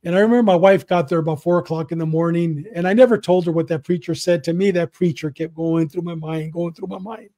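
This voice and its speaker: A man's voice: on the high side, steady tone, quick pace, few pauses, dark tone, no room sound. A middle-aged man from Southern California, a retired police detective, earnestly telling a personal story and acting out the voices in it, often repeating himself. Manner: earnest, repeats himself, acts out both sides of remembered dialogue.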